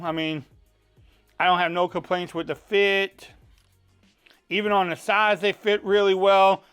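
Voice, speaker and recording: A man's voice: sits high, fairly bright tone, clear, resonant tone. A man with a Cajun accent, chatting casually as he reviews a phone case in a folksy way. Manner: chatty, folksy, says y'all. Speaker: tech reviewer.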